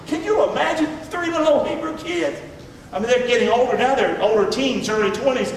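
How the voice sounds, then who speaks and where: Middle-aged guy preaching, high voice, folksy and punchy, sounds far off in a big echoey church. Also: brisk, a little hiss or hum. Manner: folksy, emphatic, calls for amens. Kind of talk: sermon.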